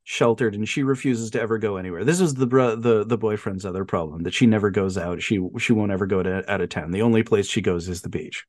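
A man hosting a podcast in casual chat, animated, laughing often and briefly mimicking voices. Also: on the low side, fast talker, few pauses. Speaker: podcast host.

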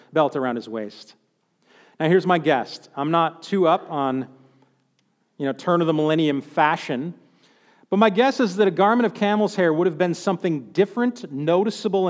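Guy preaching, kinda high voice, chatty and joking, lots of echo from a big room. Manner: conversational preaching with humor and acted-out quotes. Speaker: pastor. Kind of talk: sermon.

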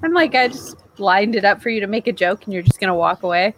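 A woman's voice: medium pitch, quick pace, background noise. Chatty laughing woman podcaster. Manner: chatty storyteller, laughing, acting out quotes. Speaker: podcast co-host. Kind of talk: casual chat.

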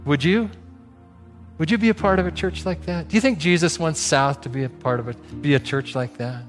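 A man preaching a sermon, telling a story and acting out the dialogue in animated bursts. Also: fairly high pitch, a little fast, big-room sound, soft background music. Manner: animated, acts out dialogue with rising volume. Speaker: pastor.

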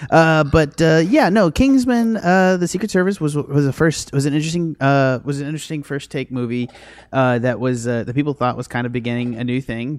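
A man's voice: mid-range voice, no echo. Tired rambling male podcast host. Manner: rambling, self-correcting, tired. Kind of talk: casual movie review chat.

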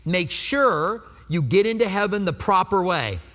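Man pastor, high voice, sermon, chatty with rhetorical questions, long hall reverb. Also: lively intonation, unhurried, fairly bright tone. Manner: conversational, asks the congregation rhetorical questions.

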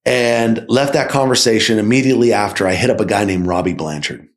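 Speaking briskly in a fairly low voice, this man is a podcast guest who founded a sales company. He recounts his story with casual energy, often tossing in a "right?" to check in.

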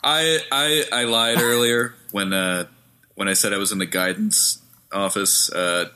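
A man's voice: fairly low pitch, fairly even intonation, a little slow, sharp tone, clean tone. A man co-hosting a gaming podcast who teases the others and laughs easily. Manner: playful, teasing, laughs easily. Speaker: podcast co-host. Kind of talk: casual gaming chat.

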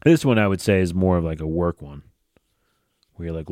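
A man talks through a casual solo podcast in a low, mellow voice that sounds a little tired. He speaks bluntly and swears freely in a loose, conversational way. The sound is dry and close. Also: brisk, pauses often, no echo. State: tired, yawning. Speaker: podcast host.

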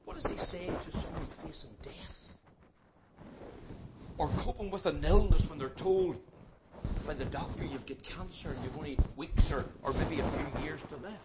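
A man preaches with force, doubling his words as he builds and then dropping to a hush. His voice sits a little high for a man. A loud, constant noise runs under the whole recording. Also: normal speed. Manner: emphatic, repeats words when building up, swings between loud and soft. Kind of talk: evangelistic sermon.

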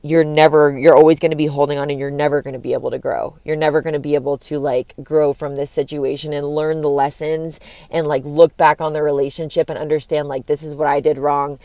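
Young woman vlogger, low voice, dry close sound, loose rambling delivery with casual swearing. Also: flat delivery, brisk, mellow, dry recording. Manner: rambling, frequent "like", swears freely. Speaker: vlogger giving breakup advice. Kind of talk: casual candid monologue.

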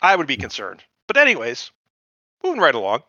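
A man's voice: mid-range voice, huge pitch swings, brisk, sharp tone, no room sound, highs cut off. A man from the United States co-hosting a podcast, rambling through casual chat with lots of profanity and digressions. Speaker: podcast co-host.

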